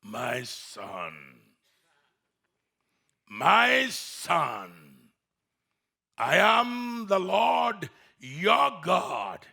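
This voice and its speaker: A man voicing God as a deep, slow, commanding voice within a sermon story. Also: big pitch swings, gravelly, pushed and bright, full character voice. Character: God, a deep, booming heavenly voice.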